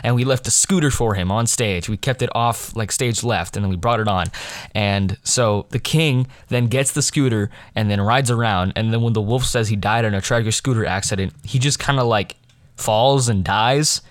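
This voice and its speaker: A man's voice: lowish voice, moderate pace, no echo. A teenage boy telling a long casual story about his school play, rambling with many fillers, restarts and laughs. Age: teens. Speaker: high school student vlogger.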